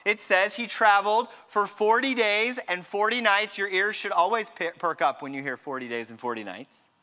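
A man preaching a sermon, retelling a scripture story with dramatic pauses and a hushed drop near the end. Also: high voice. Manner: storytelling, dramatic drops to a hush.

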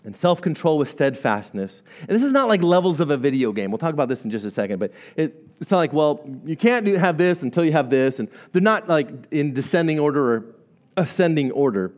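A middle-aged man preaching a Sunday sermon, animated and rambling, with playful asides and sudden swings in pitch. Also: brisk. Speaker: pastor.

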